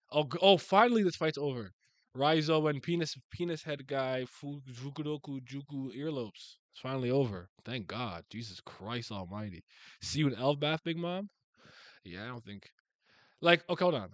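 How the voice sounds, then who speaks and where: A man giving a casual live reaction while reading manga, animated and slangy, laughing often and thinking aloud. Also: a little high, no room sound.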